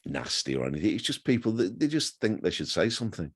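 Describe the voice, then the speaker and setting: A man's voice: deep voice, big pitch swings, fast, husky. A man in his sixties, a guest telling chatty, self-deprecating stories in a casual interview. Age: 60s.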